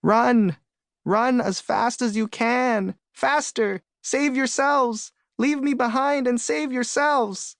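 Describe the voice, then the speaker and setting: A man doing a shrill, panicked screaming turtle. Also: fairly even intonation, slow pace, vocal fry, no echo, studio quality, full character voice. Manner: shrill frantic yelling. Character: panicked screaming turtle, slow and self-sacrificing.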